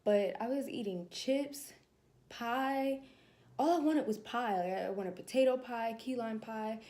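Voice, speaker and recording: A young woman telling a personal story to camera in a casual vlog, animated and laughing as she acts out her own thoughts. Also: on the high side, a little slow. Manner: animated, laughing, acting out her inner dialogue. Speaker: vlogger.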